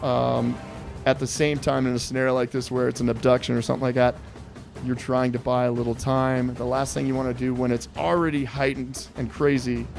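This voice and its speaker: A man hosting a podcast interview, politely addressing his guest as sir while laying out a survival quiz with lively storytelling. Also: mid-range voice, creaky. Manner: respectful, calls guest sir, animated storyteller. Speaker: podcast host.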